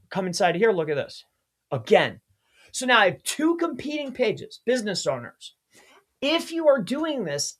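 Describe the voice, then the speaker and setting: A man's voice: high-pitched, husky. A man giving a screen-share tutorial as an SEO consultant, speaking emphatically and addressing viewers directly.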